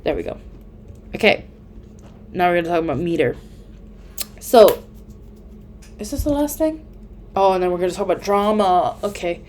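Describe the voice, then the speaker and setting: A woman's voice: on the low side, lively intonation, normal speed, pauses often, darkish tone, a little hiss or hum. A young woman giving casual exam tips, chatty and full of fillers, often correcting herself mid-sentence. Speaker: student tutor.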